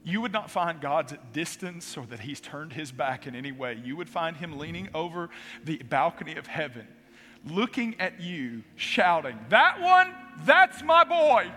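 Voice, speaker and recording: Bright-voiced pastor telling a story. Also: male voice, a little high, animated, normal speed. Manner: dramatic storytelling preacher. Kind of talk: sermon. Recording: reverberant hall with faint music.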